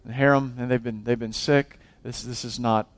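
A pastor delivers a sermon, his medium-pitched voice moving from loud exhortation to hushed intensity while he often restarts and repeats himself. His intonation stays fairly even and he speaks at a normal speed.

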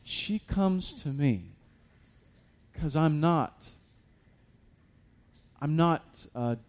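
A man's voice: fairly high pitch, expressive, very slow. A man preaching a sermon as a pastor, conversational with many fillers and restarts, building to emphatic peaks.

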